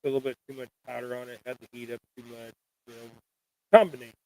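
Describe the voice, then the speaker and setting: A man's voice: medium pitch, little pitch movement, fast, a little mellow, low-quality recording. Folksy man chatting while tying jigs. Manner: rambling, folksy, self-deprecating. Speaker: fishing channel host. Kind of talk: casual live-stream chat while tying jigs.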